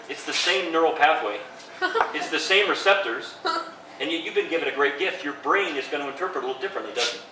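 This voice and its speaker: Brief: cheerful male professor, slightly high voice, lecturing from a distance in a big echoey hall. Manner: enthusiastic and upbeat, laughs often. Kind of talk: lively, informal lecture to students. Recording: echoey hall, distant mic, background noise.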